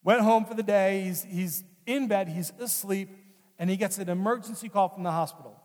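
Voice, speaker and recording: High-voiced pastor preaching in a reverberant hall. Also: male voice, moderate pace, darkish tone. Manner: conversational storytelling, earnest, repeats phrases. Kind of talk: sermon.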